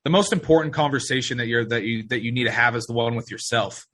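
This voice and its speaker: A man's voice: medium pitch, quick pace, fairly bright tone. A man hosting a casual podcast conversation, talking in an earnest, agreeable way and often restarting his phrases. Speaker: podcast host.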